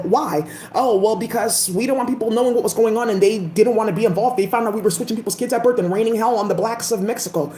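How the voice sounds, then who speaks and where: A woman's voice: fairly high pitch, a little mellow, a little hiss or hum. A woman vlogger giving a casual, emphatic rant full of profanity. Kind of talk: casual ranting commentary. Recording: echoey room.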